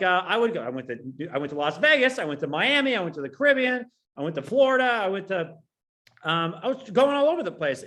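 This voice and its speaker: A man in his thirties from California, telling a personal story in a casual, profane, rambling way, on a low-quality recording. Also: a bit bright. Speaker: online business coach.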